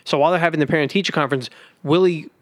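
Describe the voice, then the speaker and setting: A man's voice: fairly high pitch, rapid-fire, no echo. A man with a somewhat raised voice talks casually on a podcast, retelling an episode plot with constant fillers. The sound is dry, with no room around it. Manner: rambling, many fillers like "like" and "you know". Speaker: podcast co-host. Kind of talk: casual chat recapping cartoon episodes.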